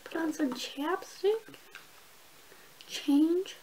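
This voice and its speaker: Speaking very slowly in a very high-pitched voice, a young beauty vlogger tells stories and chats while putting on makeup for a get-ready-with-me clip. She swears and laughs often, and there's background noise.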